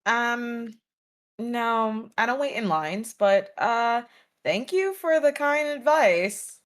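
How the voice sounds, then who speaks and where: A woman's voice: a little high, animated, takes it slowly. Haughty-playing woman tabletop player. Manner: haughty in character, with soft hesitations. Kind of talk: tabletop role-play.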